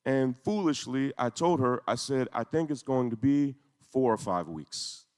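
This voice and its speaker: A man's voice: mid-range voice, lively intonation, measured pace, darkish tone, smooth. Intense man telling a story in a hall. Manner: intense, storytelling with rising emphasis. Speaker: speaker. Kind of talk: emotional speech to a congregation. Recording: echoey hall.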